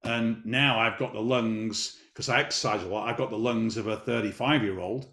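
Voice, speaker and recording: A man's voice: fairly low pitch, steady tone, normal speed, sharp tone, roomy sound. A man in his fifties telling a personal story in an interview, talking emphatically and repeating his key phrases. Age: 50s. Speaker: business guest.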